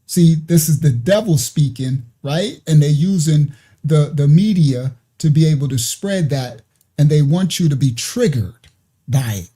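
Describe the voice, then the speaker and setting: A man's voice: on the high side, lively intonation, measured pace, dark tone, breathy edge. A man hosting a ministry live stream, commenting on clips in a preachy way and repeating himself. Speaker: ministry host.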